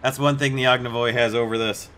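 A man's voice: mid-range voice, fairly even intonation, fast talker, a bit bright, slight background noise. A man giving casual, amused commentary while playing a naval game, now and then putting on joking accents. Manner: chatty, amused, puts on mock accents for jokes. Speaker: gameplay video host.

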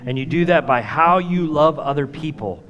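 A male pastor preaching a sermon, telling personal stories in a plain, conversational way and dropping to a soft whisper at tender moments. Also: on the high side, normal speed, muffled recording. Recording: long reverb of a church hall.

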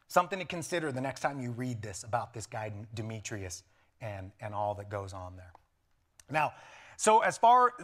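A pastor preaching a lively sermon in church, animated and laughing, often acting out voices. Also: male voice, on the high side.

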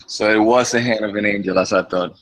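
Low, bright-toned man asking questions. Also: steady tone, fairly quick, slight background noise. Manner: grateful, repeats his thanks. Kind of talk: casual conversation.

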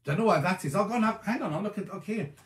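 A man's voice: high voice, racing, reverberant. A tired man hosting a casual live-stream chat, rambling as he answers viewers' comments. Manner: chatty, rambling, reads comments aloud and answers them. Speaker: host.

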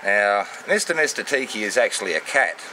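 A man with an Australian accent giving casual, unscripted shout-outs in a matey, rambling way full of slang. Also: lowish voice, expressive, brisk, background noise. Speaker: vlogger.

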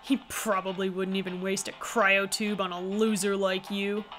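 A woman's voice: mid-range voice, level tone, normal speed, fairly bright tone, soft background music, lightly acted. A woman voicing a brash young man in a game, defiant and taunting, coughing as he chokes. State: choking and coughing.

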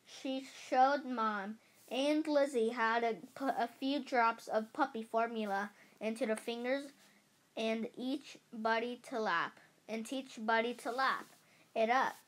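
A woman reading a children's book aloud in a halting way, often correcting herself. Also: on the high side. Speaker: storybook reader.

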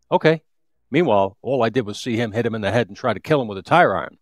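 A man's voice: mid-range voice, expressive, quick pace, no echo, clean studio sound. A man in his fifties, a retired police detective, telling a street story in an interview with vivid, repetitive restarts.

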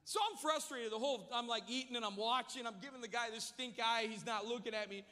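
A man preaching a sermon, telling a humorous story with lively energy in a large church. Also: extremely high pitch, quick pace, in a large hall. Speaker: pastor.

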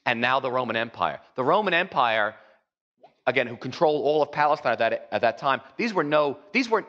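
A man's voice: medium pitch, a bit bright. Chatty preacher man in an echoey hall. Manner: conversational, full of "you know" asides, acts out quoted voices. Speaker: pastor. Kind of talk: sermon. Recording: dull, echoey hall recording.

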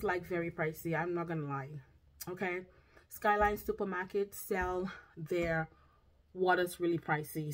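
A woman's voice: mid-range voice, a little hiss or hum. Chatty woman vlogger. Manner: chatty, drawn-out phrases, asks "okay?" often. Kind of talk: casual grocery haul chat. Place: home, indoors.

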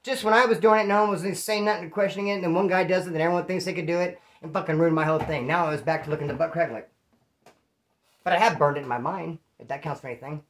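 A man from California telling his own prison stories in a casual, profane, animated way and acting out what people said. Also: fairly high pitch, quick pace. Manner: profane, animated, acts out quoted dialogue. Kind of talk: casual storytelling.

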